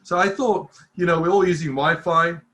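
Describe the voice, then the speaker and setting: A man in his fifties giving a live security talk, earnest and insistent. His voice is bright and forceful, and he circles back over his words with frequent restarts. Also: a little high, steady tone, normal speed. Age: 50s. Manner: earnest, repetitive, restarts often. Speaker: cybersecurity speaker. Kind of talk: live presentation to an online audience.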